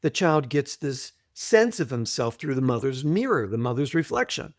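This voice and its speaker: A man guesting on an interview podcast, explaining things deliberately, repeating his points and often clearing his throat. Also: mid-range voice, sing-song, no echo, clean studio sound. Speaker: guest, trauma author. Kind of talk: conversational interview, teaching.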